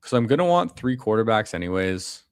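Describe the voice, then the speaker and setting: A man with a low voice talks through his fantasy football draft in a loose, slangy way, tossing in bro and man. He sounds relaxed and conversational. His voice is close and dry, with no room sound. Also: fairly quick, smooth, no room sound. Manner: casual, slangy, calls people bro and man. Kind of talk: casual live commentary.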